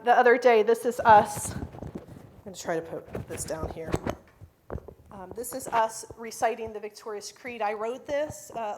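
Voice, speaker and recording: At a conference, a woman talks about the school she founded, chatty and heartfelt, emotional in places, with lots of fillers and frequent laughter. Her voice is medium-pitched, and the background is noisy.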